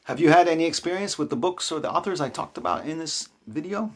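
A man's voice: fairly high pitch, animated, quick pace. A man telling stories in a casual vlog, chatty and self-deprecating, often restarting his sentences. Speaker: vlogger. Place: new apartment.

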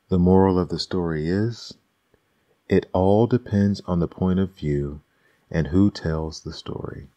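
A man reading fables aloud as an ASMR bedtime storyteller, soft and unhurried. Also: deep voice, no echo.

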